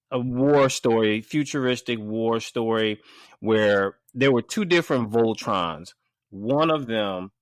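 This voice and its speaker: A man's voice: lowish voice, clean tone, no room sound. A man hosting a casual podcast, talking in a rambling, hesitant way on a close mic. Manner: rambling, hesitant, restarts and trails off. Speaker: podcast host.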